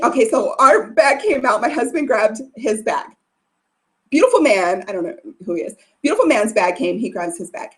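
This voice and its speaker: A woman giving a motivational business talk, telling a story in a chatty, animated way with lots of fillers. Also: a little high.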